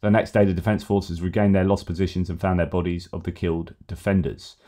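A middle-aged man hosting news commentary, talking in an animated, argumentative way. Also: sits low, quick pace.

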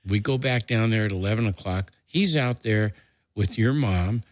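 Speaking on the low side at a normal speed, an older man tells a relative a family story, captured in studio quality with no echo. The storyteller guest is lively, swears freely, and acts out quotes with a jump to a raised voice.

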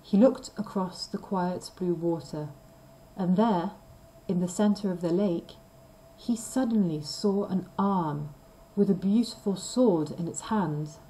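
Mellow, clear woman reading a story. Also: fairly low pitch, poor audio. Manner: slow, clear, simple phrasing. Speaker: reader of a graded story. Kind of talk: scripted storybook narration for learners.

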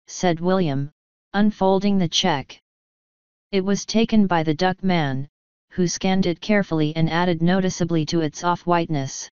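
A woman narrates an audiobook in a slow, measured voice that is very clear and smooth, set fairly low. The recording is dry and close, with a dull, lo-fi top end. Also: a little mellow, no room sound. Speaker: audiobook reader.

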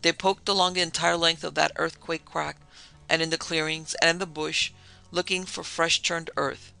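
Male narrator, fairly high, very bright tone with gravelly fry; first-person storytelling with lightly voiced dialogue. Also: level tone, moderate pace, faint music behind. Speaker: podcast narrator. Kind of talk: scripted narration of a vintage tale.

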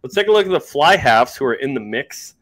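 A man's voice: medium pitch, brisk. A man hosting a sports podcast, chatting casually and joking with plenty of fillers. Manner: relaxed, joking, frequent fillers. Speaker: podcast host.

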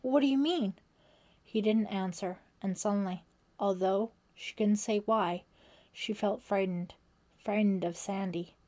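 A woman reads an audiobook aloud in a steady, measured way. Her voice is mellow and soft rather than bright, with an even mid pitch. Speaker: audiobook narrator. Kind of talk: scripted narration.

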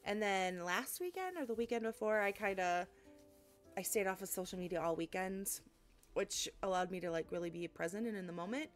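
A young adult woman streaming cozy games, chatting casually and gushing excitably, with plenty of ums. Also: mid-range voice, brisk. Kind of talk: casual live-stream chat. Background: faint lo-fi music.

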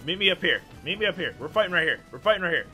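A fairly high-voiced man calls his own gameplay with excitable energy, yelling and laughing at the plays. His tone is bright and sharp, with pitch that leaps all over the place. Faint game music plays underneath. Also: racing. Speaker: gaming channel host.

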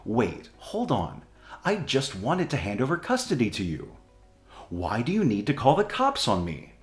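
A man's voice: mid-range voice, huge pitch swings, a little slow, roomy sound, faint music behind. Man playing a pleading remorseful ex-husband. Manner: pleading, apologetic.

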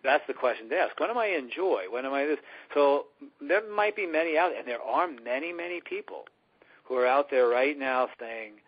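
Fairly high-pitched and very animated, this man speaks at a normal pace with vocal fry and a breathy edge. In a chatty radio interview, captured in dull lo-fi sound, he plays an earnest spiritual teacher who frequently voices the inner voices he's describing.

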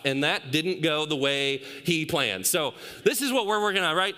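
A man's voice: on the high side, expressive, normal speed, hardly any pauses, bright, forceful tone. A man in his thirties, a pastor preaching a sermon on a church stage, telling stories about his young son with playful acted quotes.

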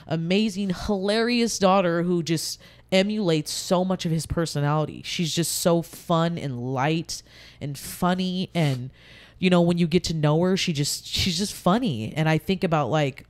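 A woman's voice: fairly low pitch, moderate pace. A woman speaking as a podcast guest, talking candidly and heartfelt about grief, rambling with frequent restarts.

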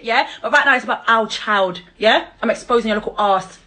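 A woman ranting at her child's father on a live stream, confrontational and mocking, swearing and bursting into loud laughter. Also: fairly high pitch, expressive, quick pace, hardly any pauses, low-quality recording. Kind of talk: angry live-stream rant.

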